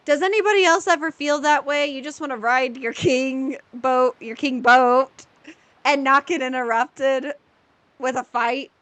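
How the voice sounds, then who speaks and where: A woman's voice: sits high, normal speed, a bit bright, no room sound. A woman in her thirties streaming a video game, chatting casually with viewers and playfully exasperated. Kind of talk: casual gameplay chat with viewers.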